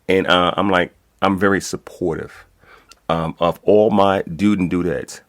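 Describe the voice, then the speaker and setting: A man speaks in an extremely low, booming register. He talks as a guest in a lively, streetwise way, tossing in curses and checking in with his listener. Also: measured pace. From Brooklyn, New York. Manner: animated, streetwise, swears freely, many "you know what I'm saying". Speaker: guest, code enforcement instructor. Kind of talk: casual interview talk.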